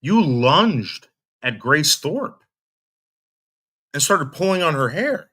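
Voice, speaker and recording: A man's voice: on the high side, sing-song, slow pace, bright, forceful tone, slightly rough. A man giving blunt, scornful commentary on a clip and addressing its subject directly. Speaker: commentary streamer reacting to a clip. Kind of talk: reaction commentary.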